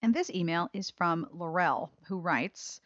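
A woman's voice: fairly low pitch, measured pace, a bit bright, dry recording, muffled recording. A woman hosting a podcast in a casual, gushing and enthusiastic way, reading out listener emails between her own chat. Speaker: podcast host.

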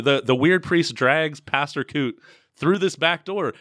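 A man co-hosting a casual podcast, recapping a movie with animated storytelling, frequent laughter and the odd swear. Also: fairly high pitch, measured pace, no room sound, clean studio sound. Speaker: podcast co-host.

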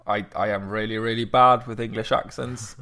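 A man's voice: fairly low pitch, steady tone, normal speed, pushed and bright. A man co-hosting a casual podcast about sonnets, dry and self-mocking, often stumbling over his first words. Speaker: podcast co-host.

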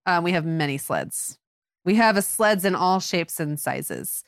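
A woman's voice: on the low side, big pitch swings, unhurried, creaky, no echo, studio quality. A middle-aged woman from Michigan co-hosting a parenting podcast, chatting casually and filling her talk with "like.". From Michigan, USA. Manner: chatty, many "like" fillers. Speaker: podcast co-host and mother. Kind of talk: casual chat.

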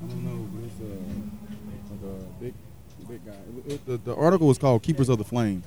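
A South Carolina pitmaster and restaurant owner tells his story in a casual interview, rambling with lots of fillers and acting out the people he quotes. His mid-range voice is warm and brisk.

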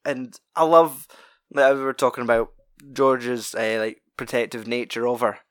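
A man's voice: medium pitch, steady tone, normal speed, dry recording, clean studio sound. A man chatting casually about a film, rambling, swearing freely and laughing often.

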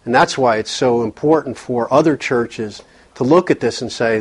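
A man's voice: mid-range voice, normal speed, husky. A man speaking earnestly at a church counseling workshop, often repeating words as he thinks. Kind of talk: conversational workshop talk.

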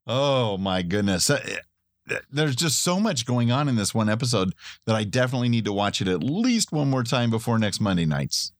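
A man's voice: medium pitch, big pitch swings, moderate pace. A middle-aged man co-hosting a podcast in casual chat, rambling and chatty, laughing often. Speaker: podcast co-host.

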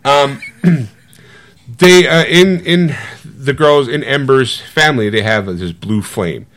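A middle-aged man co-hosting a podcast, retelling a movie in casual chat with animated, swearing storytelling that acts out other people's lines. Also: mid-range voice, slow pace, soft background music. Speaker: podcast co-host.

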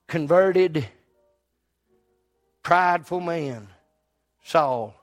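Male pastor, sermon storyteller, higher-than-usual voice. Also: animated, extremely slow, soft background music. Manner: folksy storytelling with sudden loud rises. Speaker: preacher.

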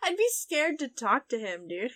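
A woman co-hosting a casual book podcast, giggling and animated. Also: high voice, normal speed. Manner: giggly, animated, says "dude". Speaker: podcast co-host. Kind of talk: casual book discussion chat.

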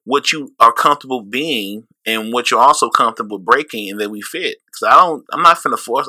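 A man's voice: medium pitch, a little fast, hardly any pauses, pushed and bright, dry recording. A man with a St. Louis accent co-hosting a podcast in casual chat, rambling loosely, laughing often and swearing freely. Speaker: podcast co-host.

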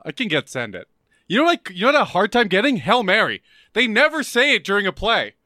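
A man co-hosting a loose podcast conversation, full of swearing and laughter. His voice sits a little high and bright, and it swings widely in pitch. The sound is close and dry. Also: sing-song, fast, dry recording. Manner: swears a lot, laughs often. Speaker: podcast host. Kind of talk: casual banter.

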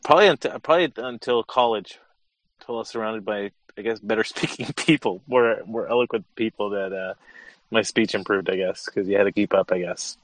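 Low-voiced man with a Southern California accent, dry sound. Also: dry recording. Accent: Southern California Chicano English. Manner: relaxed, halting, lots of fillers and restarts. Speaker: podcast host. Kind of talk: casual chat.

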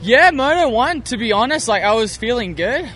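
A man's voice: extremely high pitch, very animated, normal speed, sharp tone, a faint crowd, a little hiss or hum. A man with an Australian accent, a motocross racer talking in an upbeat, chatty way in a post-race interview outdoors at a race track.

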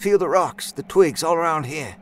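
An actor playing a jittery, eager young male miner who talks in a folksy backwoods dialect with hushed urgency. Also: on the high side, moderate pace, a little hiss or hum, lightly acted. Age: young adult. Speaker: character in an audio drama. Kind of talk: audio drama acting.

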